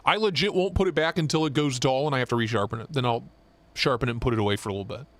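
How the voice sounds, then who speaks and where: A young man co-hosting a live stream, chatting casually and swearing as he jokes and gets excited. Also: mid-range voice, very fast, no room sound. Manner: excited, profane, joking. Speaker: knife show co-host.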